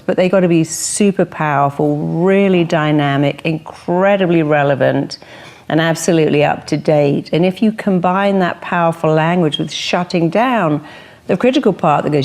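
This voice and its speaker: Lively, emphatic woman therapist, lower voice. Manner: animated, acts out quoted voices and inner thoughts; emphatic, stresses strong words. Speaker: psychotherapist. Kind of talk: interview conversation.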